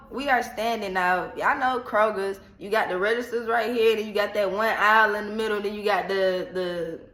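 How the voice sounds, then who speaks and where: A woman vlogger casually retelling a personal story in an animated, slangy, dramatic way. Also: medium pitch. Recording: echoey room.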